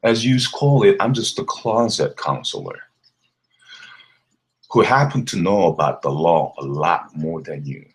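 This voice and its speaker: A man's voice: sits low, expressive, unhurried. A man delivering a mocking, scornful rant to the camera, laughing between insults. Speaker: vlogger. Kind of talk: ranting callout video.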